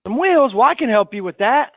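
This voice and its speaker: A man with a high, lively voice practicing sales calls in role-play. He hesitates often, with "uh" fillers. The sound is tinny and phone-like and dry. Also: brisk, no echo. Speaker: sales trainee.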